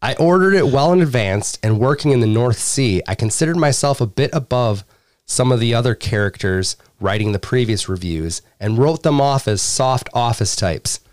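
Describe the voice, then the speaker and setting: A podcast host reads product reviews aloud in a casual, chatty way, frequently breaking into laughter and cracking crude jokes. His voice is medium-pitched and somewhat dark, animated, and delivered at a moderate pace.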